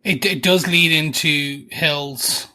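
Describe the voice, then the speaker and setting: This is a man co-hosting a TV podcast, with a bright, slightly high voice. He talks in an animated, jokey way, restarting sentences as he works out his ideas out loud. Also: slow pace. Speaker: podcast co-host. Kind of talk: casual chat.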